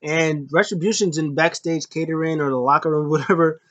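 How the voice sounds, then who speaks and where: A man's voice: a little high, brisk, no room sound, highs cut off. A man recapping a wrestling show in a casual, rambling way, full of ums and uhs. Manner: rambling, filler-heavy, animated.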